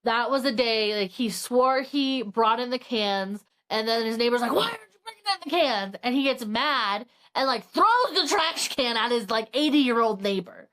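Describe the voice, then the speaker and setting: A young woman co-hosting a podcast casually retells a book's plot, acting out the characters' lines and swearing freely. Her voice is on the high side and fairly bright, at a measured pace with hardly any pauses.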